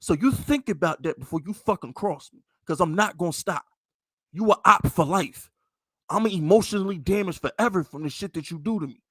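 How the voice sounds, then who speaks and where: A man's voice: high-pitched, brisk, a bit bright, dry recording, studio quality. A man with a New York accent, hosting a casual sports podcast and venting in a heated, profane, emphatic way. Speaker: podcast host.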